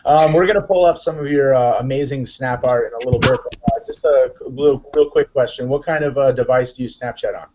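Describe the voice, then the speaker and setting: An excitable man hosts a live online chat show, upbeat and rambling, full of fillers and restarts. His voice sits in an ordinary middle pitch. The sound is dull and lo-fi, like a web call. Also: a little fast, hardly any pauses, noisy background. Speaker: host.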